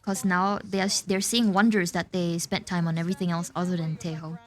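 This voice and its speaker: A woman hosting an esports watch party, switching between loud cheering and quick match analysis. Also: fairly low pitch, little pitch movement, faint music behind. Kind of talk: excited esports co-watching chat.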